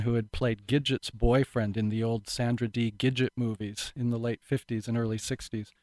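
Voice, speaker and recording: A man's voice: mid-range voice, no echo. A middle-aged man who is an actor, telling his life story candidly in an interview, reflective and earnest with frequent restarts.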